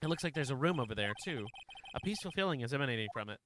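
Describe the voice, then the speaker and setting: A man's voice: mid-range voice, animated, very fast, background noise. A man streaming a story game, reading its text aloud with casual, swearing commentary.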